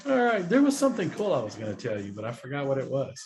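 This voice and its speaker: A man's voice: mid-range voice, huge pitch swings, quick pace. A middle-aged man, hosting a casual chat, joking and laughing as he tells silly facts. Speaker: podcast host. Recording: faint background noise.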